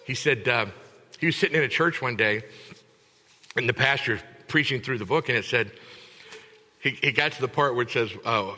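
A man preaching a sermon in church, teaching with animated emphasis and acting out congregants in voices. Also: mid-range voice, moderate pace, long pauses, in a large hall. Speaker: pastor.

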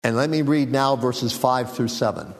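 A man preaching a sermon, teaching in an unhurried, reflective way with frequent fillers and small jokes. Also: medium pitch, expressive, vocal fry, in a large hall. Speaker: pastor.

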